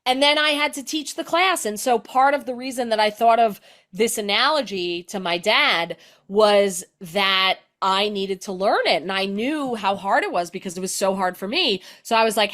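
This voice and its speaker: Brief: middle-aged woman, comic storyteller, lively and chatty, mid-pitched. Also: normal speed. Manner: animated, explanatory, filler-heavy with "like". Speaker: guest comedian. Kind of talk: conversational storytelling.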